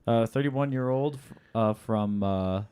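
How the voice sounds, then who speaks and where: A man with an ordinary mid-range voice co-hosts a laid-back podcast. He reads listener entries aloud with small stumbles and drops in deadpan jokes. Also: mid-range voice, slight background noise. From Alaska. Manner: dry joking, reads lists haltingly. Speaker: co-host reading listener questions. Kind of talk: casual podcast chat.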